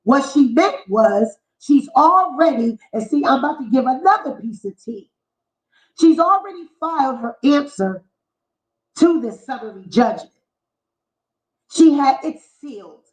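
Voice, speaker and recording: A woman vlogger delivers a heated, mocking commentary rant packed with profanity. Her voice is high with lively intonation, yet unhurried. The recording has an echoey, dull lo-fi room sound.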